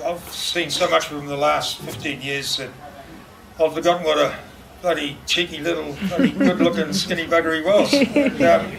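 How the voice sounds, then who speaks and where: Gravelly New man giving a eulogy. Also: fairly high pitch. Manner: halting, laughing, fond storytelling. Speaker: eulogy speaker. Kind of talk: memorial speech with anecdotes. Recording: distant mic, noisy room.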